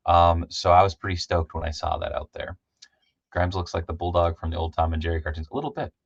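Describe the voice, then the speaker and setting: A man hosting a casual live stream, chatty and loose, shouting out viewers by name with lots of ums. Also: low voice, fast talker, creaky, no room sound, lo-fi sound. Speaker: livestream host.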